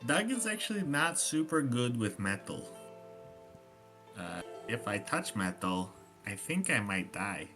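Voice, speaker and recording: A man's voice: medium pitch, sing-song, measured pace, sharp tone, soft background music. A man playing a tabletop game in character, talking casually and hesitantly. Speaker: player.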